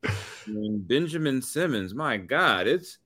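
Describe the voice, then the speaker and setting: A man co-hosting a sports talk show, rambling and animated, with many restarts. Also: medium pitch, a little slow. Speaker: sports radio co-host.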